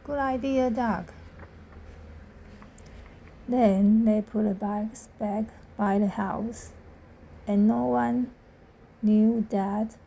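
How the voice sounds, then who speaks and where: A woman reading a children's picture book aloud, slow and deliberate, giving the animals little voices. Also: medium pitch, level tone, gravelly, dark tone, slight background noise. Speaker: storybook reader.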